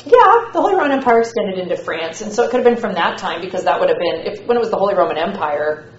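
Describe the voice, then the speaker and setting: Woman teacher, casual and slangy lecture, mid-pitched, muffled echoey classroom recording. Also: lively intonation, quick pace. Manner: chatty and slangy, with many fillers.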